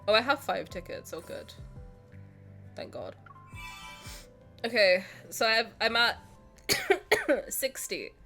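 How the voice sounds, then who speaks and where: A woman's voice: fairly high pitch, big pitch swings, slow, pauses often, bright, forceful tone, soft background music. A woman streamer swearing playfully and ranting in mock anger while she plays a game and chats with her audience at home. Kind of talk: live-streamed game play with chat.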